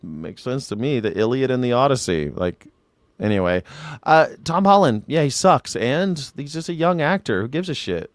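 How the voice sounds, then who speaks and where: A man's voice: mid-range voice, expressive, moderate pace, no echo. A man hosting a livestream, reacting with profane, sarcastic rants. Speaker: livestream host. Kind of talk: casual livestream commentary.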